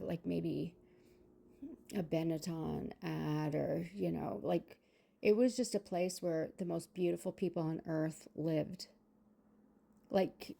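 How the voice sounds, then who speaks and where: A vlogger in her sixties tells a personal story with a mellow, fairly low-pitched voice. It's a casual storytelling monologue, chatty and rambling, full of fillers.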